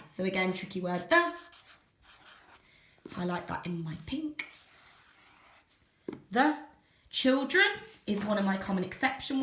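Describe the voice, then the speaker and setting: A woman teacher demonstrating phonics and sentence writing, slowly sounding out letters and words. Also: mid-range voice, sharp tone, reverberant. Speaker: primary school teacher.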